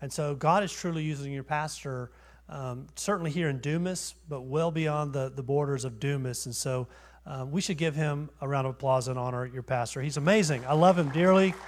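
A man's voice: fairly high pitch, brisk. A man, preaching a sermon as a guest pastor in a church, conversational and self-deprecating, asking rhetorical questions. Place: church sanctuary.

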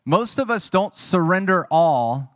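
A man's voice: high-pitched, lively intonation, a little slow, no echo, studio quality. A man preaching a sermon, telling his own testimony in an earnest, conversational way and speaking to the audience.

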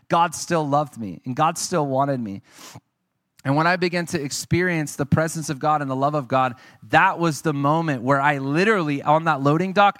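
Male preacher, conversational sermon storyteller; slightly higher voice, dry close mic. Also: no room sound. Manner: conversational, earnest storytelling with asides to the audience. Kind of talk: sermon with personal testimony.

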